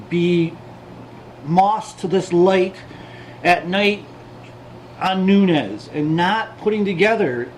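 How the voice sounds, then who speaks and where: High-voiced, indignant male podcast co-host. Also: slight background noise, poor audio. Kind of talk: casual political chat.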